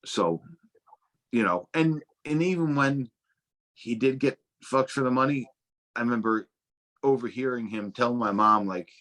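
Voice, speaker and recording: A man's voice: mid-range voice, measured pace, pauses often, fairly bright tone. A young adult man telling casual stories as a guest, swearing freely and stumbling through restarts. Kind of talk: casual storytelling.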